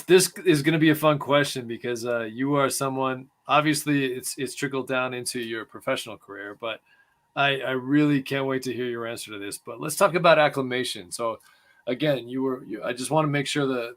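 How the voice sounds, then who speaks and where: A man's voice: medium pitch, fairly quick, fairly bright tone. A man hosting a casual podcast interview, asking friendly, rambling questions with lots of restarts. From United States. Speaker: podcast host.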